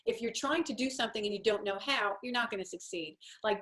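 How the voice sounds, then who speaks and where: A woman's voice: medium pitch, fast, fairly bright tone. A woman home-organizing coach giving a chatty, encouraging talk while sharing her screen. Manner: chatty and encouraging, acts out little quoted voices.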